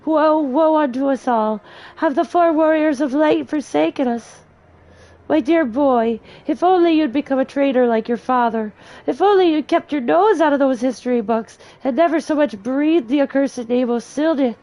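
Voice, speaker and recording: A woman voicing a grieving, hysterical old woman as she reads game dialogue aloud, with shrill, wailing, cackling speech. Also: normal speed, dark tone, natural voice.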